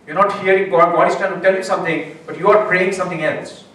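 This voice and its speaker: A middle-aged man giving a talk at a spiritual retreat, telling a personal story with animated delivery, frequent laughs and many restarts. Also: high voice, quick pace. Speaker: guest speaker. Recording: echoey room, mic far off.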